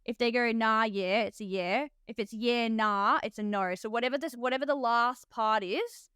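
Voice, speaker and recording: A woman's voice: a little high, moderate pace, a bit bright, clear, resonant tone, dry recording, studio quality. A woman with an Australian accent hosting a podcast as a nurse, chatty and laughing often, with lots of "like". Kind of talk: casual podcast chat.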